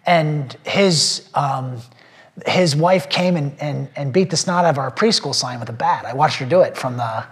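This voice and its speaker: Male pastor, testimony to a small group, earnest and rambling, voice a bit high. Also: moderate pace. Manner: earnest, rambling, with many fillers and restarts; emotional when telling faith stories.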